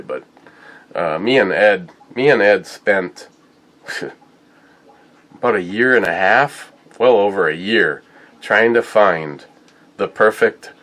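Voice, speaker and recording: A deep-voiced man hosts a casual whiskey tasting vlog. He talks slowly and lets his stories wander, stopping and restarting as he goes. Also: a bit bright. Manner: rambling, halting storytelling. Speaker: whiskey and beer reviewer.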